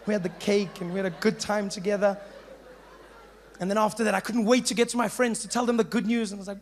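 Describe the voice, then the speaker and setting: A young South African man doing animated stand-up storytelling, acting out voices as he goes. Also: sits high, fast. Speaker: stand-up comedian.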